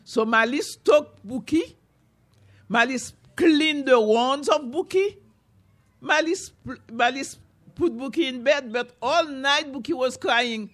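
A woman from Haiti telling a folktale to an audience, animated, with repeated chanting phrases. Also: sits high, slow. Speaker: storyteller, author.

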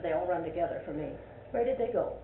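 An older woman teaching Sunday school leads a Bible class discussion in a fairly low, animated voice at a quick pace, far from the mic. She asks question after question and repeats points for emphasis, her folksy voice ringing through a roomy space. The recording is thin and phone-like with faint hiss beneath.

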